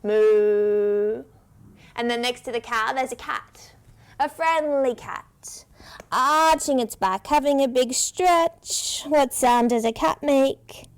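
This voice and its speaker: Kids yoga teacher, woman: high voice, unhurried, playful and encouraging. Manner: playful, encouraging, asks children questions; slow, drawn-out instructions. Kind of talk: guided children's yoga story.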